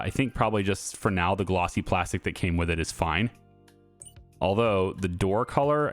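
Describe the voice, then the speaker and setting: A man giving casual gameplay commentary, thinking aloud with fillers and restarts as he builds. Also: fairly low pitch. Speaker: gaming YouTuber.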